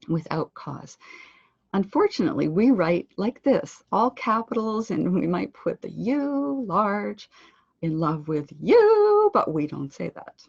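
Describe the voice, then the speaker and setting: A woman giving an online pronunciation lesson, speaking clearly and deliberately and slowing down to model words. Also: lowish voice, no room sound, highs cut off. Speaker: pronunciation instructor. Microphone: computer microphone on a web conference.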